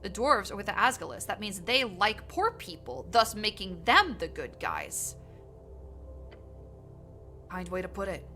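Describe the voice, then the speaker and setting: A woman's voice: medium pitch, sing-song, unhurried, long pauses, sharp tone, faint music behind. A woman streamer playing a game live, reading the text aloud and reacting playfully, laughing and swearing casually.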